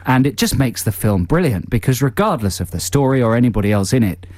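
A man hosting a comic radio show, teasing and mock-bossy in quick banter. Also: mid-range voice, animated, darkish tone, no echo. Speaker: radio host. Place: radio studio.

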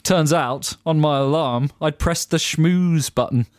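A man's voice: a little high, a little slow, dry recording, clean studio sound. A man co-hosting a radio show, wryly reading out listener jokes and laughing through them. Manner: wry, laughing while reading. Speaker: radio co-host. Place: radio studio.

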